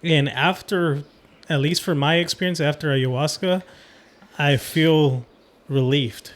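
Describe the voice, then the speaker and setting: A man's voice: on the high side, measured pace. A man hosting a podcast, telling a personal story in a rambling casual way with many fillers. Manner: rambling, full of "um" and "like". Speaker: podcast host.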